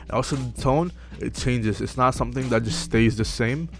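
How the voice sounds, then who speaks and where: A young man speaks to camera giving casual self-improvement advice, relaxed and full of fillers, often checking in with "right?". His mid-range voice is gravelly at normal speed, close-miked with music in the background.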